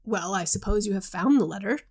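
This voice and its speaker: A woman's voice: mid-range voice, expressive, fairly quick, a little mellow, breathy edge. A woman reading the part of a light-hearted, teasing young male friend, in a wry, bantering way and in her own voice.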